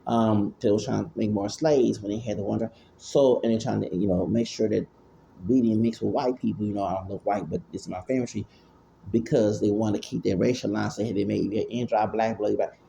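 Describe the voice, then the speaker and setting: A man's voice: lowish voice, steady tone, brisk, creaky, dark tone, slight background noise. A man, talking in rambling casual commentary, often repeating and stammering. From Houston, Texas. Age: 40s. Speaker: vlogger.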